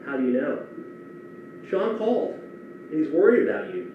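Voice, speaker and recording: A man's voice: fairly high pitch, very animated, normal speed, slight background noise. A man voicing his nagging mother, who scolds and pleads with her grown son in a live storytelling set. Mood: scolding. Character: nagging mother, middle-aged woman. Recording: echoey, distant, dull live theater sound.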